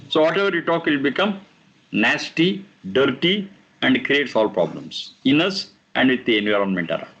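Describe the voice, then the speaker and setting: A man teaching a class on scripture, explaining verses slowly and repeating the recited lines. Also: mid-range voice, a bit bright, slightly rough, lo-fi sound. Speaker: teacher of Vedic texts.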